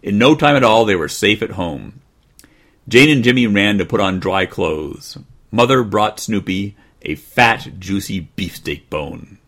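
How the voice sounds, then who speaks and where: A man hosting a podcast, reading a children's storybook aloud in an expressive way with dry humor. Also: fairly low pitch, measured pace. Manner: expressive, dryly joking. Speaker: podcast host.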